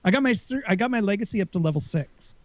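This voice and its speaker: High-pitched and lively, this man talks quickly as a podcast co-host, casually rambling about a video game with frequent fillers and restarts. The recording is dry.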